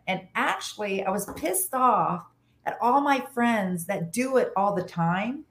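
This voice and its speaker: A woman telling a story in casual chat as a podcast guest. She is animated, often restarts her sentences, and acts out the voices of people she quotes. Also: medium pitch, a little slow, echoey room. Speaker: podcast guest, long-distance motorcycle rider.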